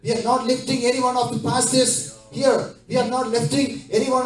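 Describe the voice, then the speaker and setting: A man's voice: very high voice, little pitch movement, fairly quick. A man preaching a sermon as pastor, repeating his points with frequent hallelujahs and okays. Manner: switches into Malayalam mid-sermon. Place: church sanctuary. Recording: roomy church echo from far off.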